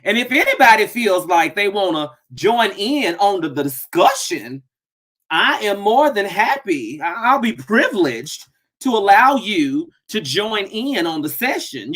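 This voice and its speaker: A woman hosting a casual live stream from her home office, greeting viewers by name and bursting into excited shouts. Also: mid-range voice, a little slow. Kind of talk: casual chat.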